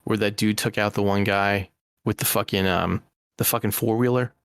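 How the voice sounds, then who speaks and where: A man hosting a casual comedy podcast, easygoing and quick to laugh. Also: lowish voice, fairly even intonation, a bit bright, clear, resonant tone, dry recording, studio quality. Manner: laid-back, laughing, steering the talk. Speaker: podcast host.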